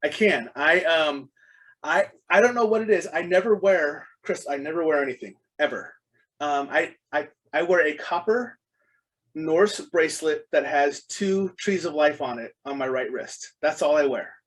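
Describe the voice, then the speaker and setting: A middle-aged man appears as a guest on a podcast in casual interview chat, his voice a little higher than most men's and a bit bright. He tells his stories earnestly at a normal pace, circling back with ums and restarts, and the audio quality is poor.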